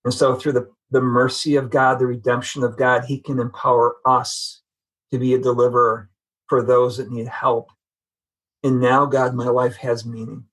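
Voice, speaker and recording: A middle-aged man with a husky, slightly breathy voice shares a personal faith testimony. He speaks earnestly and conversationally at a medium pitch. He often halts and repeats words as he searches for the right phrase. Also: little pitch movement, a bit bright. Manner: earnest, halting with frequent restarts. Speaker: guest sharing testimony.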